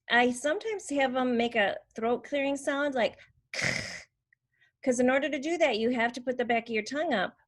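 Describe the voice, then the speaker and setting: Patient woman speech therapist explaining sounds. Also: a little high. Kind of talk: instructional demonstration.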